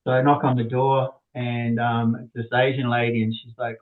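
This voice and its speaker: A man's voice: medium pitch, level tone, fairly quick. Guy inventor rambling through a story, lots of restarts, tinny phone-line audio. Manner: rambling, with many restarts and little laughs. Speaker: inventor, podcast guest. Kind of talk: casual storytelling.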